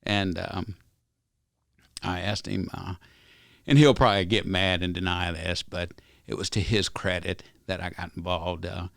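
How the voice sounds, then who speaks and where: A ranch company owner, guesting on a podcast, speaks in a low, creaky voice with fairly even intonation and a slightly slow pace. He tells his stories in a folksy, earnest, rambling way during this casual interview. The studio-quality recording has no echo.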